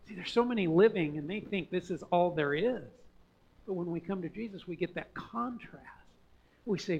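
High-voiced pastor preaching conversationally. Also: male voice, lively intonation, unhurried, creaky, slightly rough, lo-fi sound. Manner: conversational preaching with emphatic swells and hushed drops. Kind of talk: sermon.

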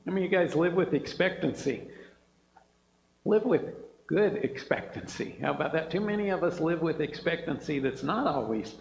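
A man's voice: a little high, lively intonation, normal speed, creaky, a little mellow. A male preacher delivering an enthusiastic, emphatic sermon, often punctuating lines with "man" and "right?". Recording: echoey hall, dull sound.

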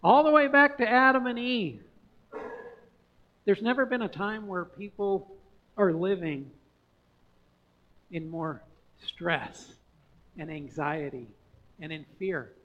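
A male pastor preaching a sermon in a conversational way, building to emphatic swells and dropping to hushed, quiet lines. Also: sits high, slow pace, pauses often, muffled recording.

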